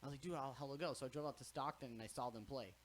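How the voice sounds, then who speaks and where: A young man chats casually as a podcast host, spinning animated stories and swearing freely. He jumps into other people's voices as he tells them, with a mid-pitched voice. A faint hiss sits under the recording. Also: very fast. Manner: animated storyteller, swears freely, acts out quotes. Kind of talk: casual chat.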